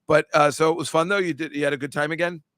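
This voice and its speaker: A man with a slightly high voice hosts a podcast in loose, casual chat, wandering through long stories and ribbing his listeners. His delivery jumps in bursts of sudden loudness. The recording is dry and close, with no room sound. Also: flat delivery, rapid-fire, dry recording. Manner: rambling, teasing storyteller. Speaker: podcast host.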